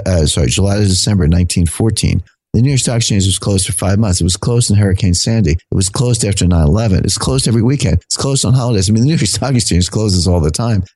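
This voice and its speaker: A man, a podcast guest, explaining in a measured, lecturing way with rhetorical questions. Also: deep voice, a little mellow, slightly rough, no room sound.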